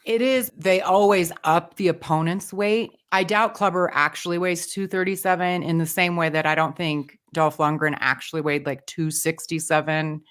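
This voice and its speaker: A woman's voice: lowish voice, fairly even intonation, moderate pace, hardly any pauses, fairly bright tone. A woman co-hosting a movie podcast, playful and giddy, tossing questions to the others. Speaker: podcast co-host. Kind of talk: casual movie chat.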